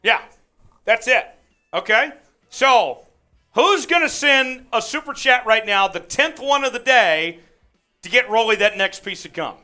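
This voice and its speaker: Over faint background music, an extremely high-pitched man speaks unhurriedly with lively intonation and a pushed, bright sound. He's hosting a live sports watch-along, amped up, calling plays and reading the chat aloud.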